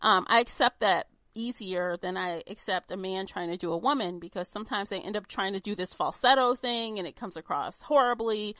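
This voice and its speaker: Bright, crisp woman hosting a podcast. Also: medium pitch, fairly quick, few pauses, no room sound, clean studio sound. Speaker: podcast host. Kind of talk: conversational interview.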